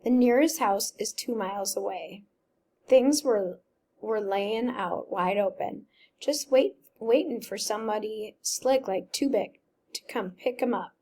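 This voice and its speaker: A woman's voice: medium pitch, a little slow, dark tone. A woman teacher reading a novel aloud and patiently sounding out words step by step.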